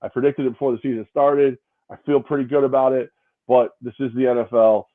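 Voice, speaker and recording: A man's voice: mid-range voice, steady tone, brisk. Rambling man on a tinny line. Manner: rambling, repeats words, self-mocking. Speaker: co-host. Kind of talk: casual sports podcast banter. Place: home, separate location due to snow.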